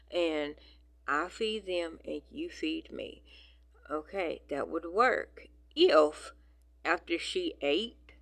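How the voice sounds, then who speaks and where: Slow, gravelly-voiced woman rambling casually. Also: low-pitched. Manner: rambling, filler-heavy, affectionate talk. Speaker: vlogger. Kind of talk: casual chat.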